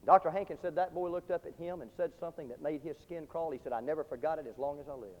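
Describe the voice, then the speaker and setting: A man preaching a sermon to a large crowd, telling a story with passion and dropping from shouts to hushed tones. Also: a little high, fast. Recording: dull lo-fi recording with long hall reverb.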